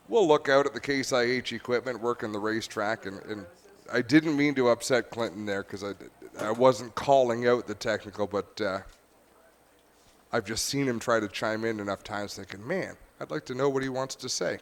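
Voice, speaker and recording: A man's voice: medium pitch, normal speed. A man announcing at a race track, joking and bantering with his co-hosts in casual booth commentary over a headset mic.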